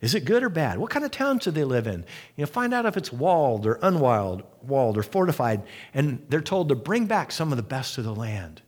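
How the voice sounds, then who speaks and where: A middle-aged man preaching a sermon, retelling a story with lively, acted-out quotes. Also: a little fast, hardly any pauses. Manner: animated storytelling, acting out quoted voices with big pitch jumps.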